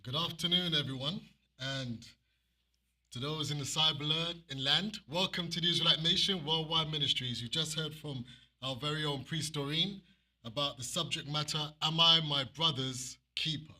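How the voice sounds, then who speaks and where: A man's voice: on the high side, moderate pace, sharp tone. A man preaching an impassioned, emotional sermon as minister.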